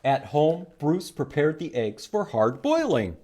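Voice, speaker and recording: Children's librarian, male, slow and expressive storytime reader. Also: on the high side. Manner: animated, asks the listeners questions. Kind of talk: reading a picture book aloud to children.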